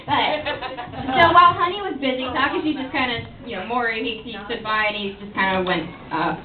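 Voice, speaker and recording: A woman's voice: on the high side, fairly quick. A woman improvising a story at a fan panel, rambling with laughing asides. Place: convention panel room. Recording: distant, echoey, phone-like, crowd noise.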